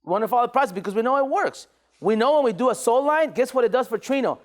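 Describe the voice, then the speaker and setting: A man leading a motivational sales training, energetic and repetitive, calling on the room to answer back. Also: extremely high pitch, quick pace. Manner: energetic, repeats phrases, call-and-response.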